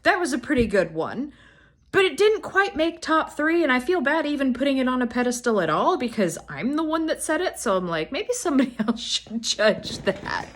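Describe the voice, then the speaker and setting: A young woman with a fairly high voice tells funny stories to her viewers. She talks in a loose, animated way. She swears freely and laughs along as she goes. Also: fairly quick. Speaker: vlogger. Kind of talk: casual storytime.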